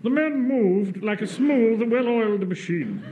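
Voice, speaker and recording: An actor playing a pompous, self-important middle-aged Home Guard captain who narrates a radio script. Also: male voice, sits high, lively intonation, a little slow, phone-quality sound. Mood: indignant. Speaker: officer reading a radio script. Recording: hissy old radio recording.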